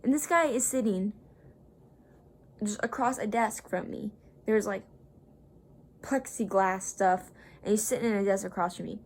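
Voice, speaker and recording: A woman's voice: mid-range voice, measured pace, long pauses. A young woman vlogger casually retelling a story, rambling and acting out the people she quotes.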